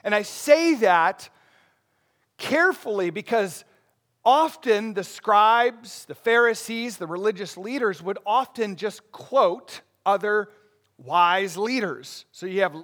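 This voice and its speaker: Casting: male pastor, higher voice, easygoing sermon delivery that swells into emphatic points. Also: animated, slow, a bit bright. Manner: conversational preaching, rising emphatic bursts, asks congregation questions.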